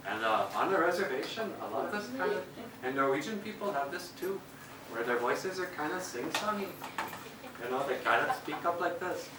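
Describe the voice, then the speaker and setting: A man's voice: fairly high pitch, expressive, fairly quick, noisy background. A man from Minnesota performing as a puppeteer for schoolchildren, talking playfully and asking the kids questions. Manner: playful, asks the children questions. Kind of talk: school performance talk to children. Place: elementary school room. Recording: echoey room, distant mic, guitar behind.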